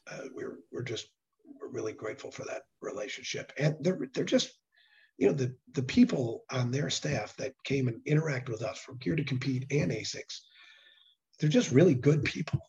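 A slightly hoarse man speaks earnestly and casually in an interview, often stopping to restart his phrasing. His voice has a dull, lo-fi quality. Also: mid-range voice, expressive, normal speed, darkish tone. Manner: earnest, with frequent restarts and fillers. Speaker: nonprofit executive director. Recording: dull lo-fi sound.

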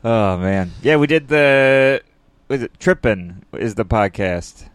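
A man's voice: medium pitch, lively intonation, slow, clean tone, no echo. A man co-hosting a casual podcast, chatting loosely and laughing often. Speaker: podcast co-host. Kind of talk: casual chat.

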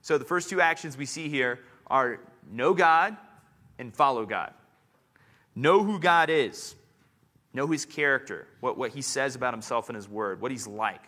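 A man preaching a sermon as pastor, earnest and slowing down to stress scripture. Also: medium pitch, sharp tone.

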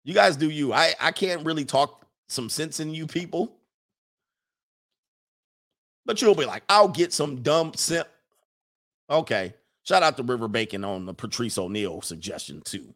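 A man's voice: medium pitch, animated, moderate pace, fairly bright tone. A man hosting a livestream, reading viewer chats and riffing in a rambling, joking way. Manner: rambling, joking, breaks into laughter and mock voices. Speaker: livestream host. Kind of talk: casual comedic commentary reading viewer chats.

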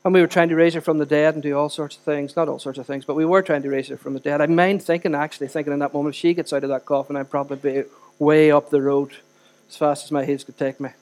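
Middle-aged pastor preaching, pretty high voice, earnest, goes loud then quiet. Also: male voice, little pitch movement, fast. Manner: earnest, emphatic, swings between loud and soft. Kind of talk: sermon.

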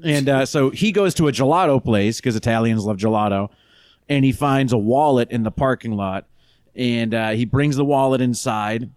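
Animated male podcast storyteller. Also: mid-range voice, moderate pace, clean tone, dry recording, studio quality. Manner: animated storyteller, shouts the quoted lines. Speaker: podcast co-host. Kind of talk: casual chat, storytelling.

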